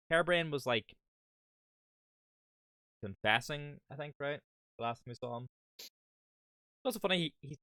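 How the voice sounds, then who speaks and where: A man's voice: mid-range voice, fairly bright tone, no echo, clean studio sound. A man with an Irish accent streaming a game, chatting with viewers in a rambling way and swearing now and then. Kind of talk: casual gameplay commentary.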